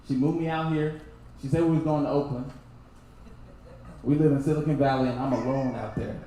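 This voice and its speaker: A man's voice: medium pitch, fairly even intonation, a little fast. Laughing stand-up man from Texas, echoey room. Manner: loose, laughing, swings into loud impressions. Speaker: stand-up comedian. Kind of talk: stand-up comedy set. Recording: very echoey room, faint noise.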